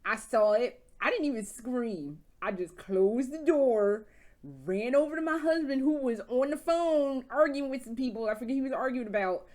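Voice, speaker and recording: Woman game vlogger, a bit high-pitched, excitable and swearing, laughs through her stories. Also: moderate pace. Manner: animated, profane, laughing storyteller. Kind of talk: casual game review chat.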